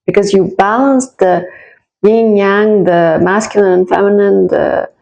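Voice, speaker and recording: A woman reads tarot cards in a casual, chatty way and speaks right to the viewer. She is encouraging and reassuring, and she wanders and restarts as she thinks aloud. Her medium-pitched voice has a gravelly fry. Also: steady tone, a little slow, dull audio. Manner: warm, encouraging, talks straight to the listener; rambling with frequent restarts and asides. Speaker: tarot reader.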